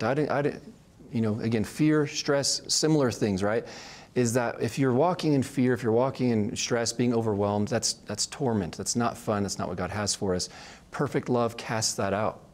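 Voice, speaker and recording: A man leads a casual Bible study, speaking conversationally, often restarting and checking in with "right?" His mid-range voice has a darkish tone and a moderate pace.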